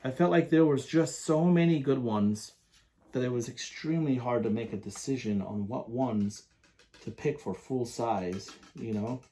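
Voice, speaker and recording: A man reviewing perfumes in a casual, enthusiastic, rambling way, often pausing to read product descriptions aloud. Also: mid-range voice, dark tone.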